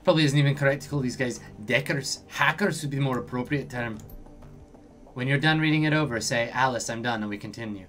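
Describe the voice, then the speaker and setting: A man's voice: medium pitch, quick pace, fairly bright tone, soft background music, lightly acted. A man voicing the formal, stiff simulacrum of a woman hacker in a video game. He reads the lines precisely and formally.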